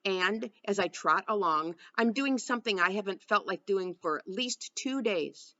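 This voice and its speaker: A woman narrating a first-person novel aloud with a steady storytelling delivery. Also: medium pitch, normal speed, lo-fi sound. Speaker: audiobook narrator.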